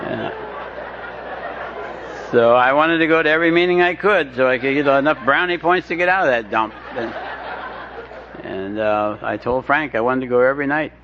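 A man recounts his own story in a wry, self-deprecating way, halting and restarting as he goes. His voice sits at a middling pitch. The recording sounds dull and lo-fi with a faint hiss underneath. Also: crowd noise. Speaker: speaker sharing his recovery story. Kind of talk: humorous storytelling talk.

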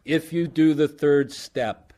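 Man with a fairly high, punchy voice. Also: steady tone, slow, dark tone. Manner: punchy, joking, turning earnest. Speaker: speaker sharing his story at a recovery meeting. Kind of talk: humorous storytelling talk. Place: lives in New York.

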